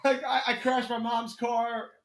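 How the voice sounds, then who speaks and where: A man, a comedian and guest, telling animated stories in casual podcast chat and laughing often. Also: very high-pitched, a little slow, reverberant.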